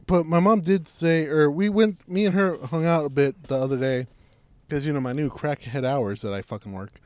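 A man's voice: fairly high pitch, normal speed, a little mellow, no room sound. Profane rambling storyteller man, dry sound. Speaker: podcast co-host. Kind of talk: casual podcast chat.

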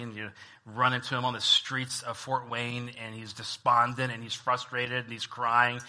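Male preacher, very bright and sharp tone, conversational sermon delivery that drops low then surges loud. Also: level tone, fairly quick. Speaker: pastor.

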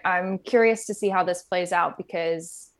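A woman's voice: on the low side, normal speed. A woman co-hosting a casual chat, reacting thoughtfully and sharing her own experience. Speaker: podcast co-host.

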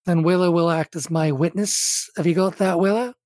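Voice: mid-range voice, steady tone, a little mellow, no room sound, close to an everyday voice. A game master playing a genteel, shrewd crime boss. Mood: businesslike. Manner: measured, formal, courteous menace.

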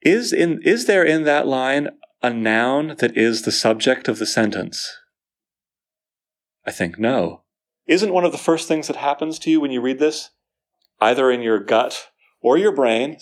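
A man leads a poetry class with enthusiasm. He keeps asking his students questions and reads lines of verse aloud slowly. His voice sits at a middling pitch. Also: expressive. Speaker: poetry teacher. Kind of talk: classroom lecture.

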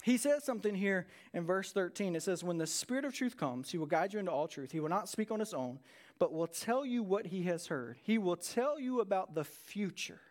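Male pastor, high-pitched, lively conversational sermon delivery. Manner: energetic, conversational preaching with dramatic pauses.

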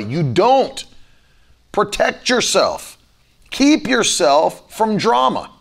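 A man preaching a conversational sermon, acting out his own irritated thoughts as he goes. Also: high voice. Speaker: pastor.

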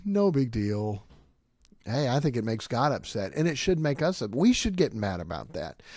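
A middle-aged man preaching in an ordinary-pitched voice, firing rhetorical questions at his listeners. He breaks in with quick quips and sudden loud outbursts. The sound is dry and close, with no room echo. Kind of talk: sermon-style teaching.

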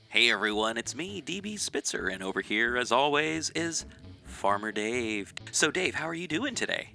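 Chatty male podcast host, gravelly and animated, given to laughter. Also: medium pitch, normal speed, faint music behind. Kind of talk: casual podcast chat.

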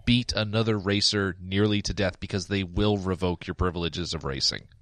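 A man's voice: low voice, moderate pace, a bit bright, no echo. A man co-hosting a casual movie podcast, talking in a laid-back, joking way. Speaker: podcast co-host.

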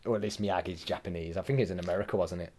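A man co-hosting a podcast, delivering dry, deadpan quips in casual chat. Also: low-pitched, very fast. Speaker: podcast co-host.

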